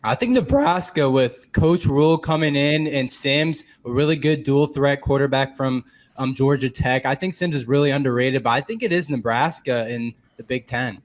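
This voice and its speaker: A man guesting on a sports podcast, calm and matter-of-fact. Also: medium pitch, normal speed. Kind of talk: casual panel chat.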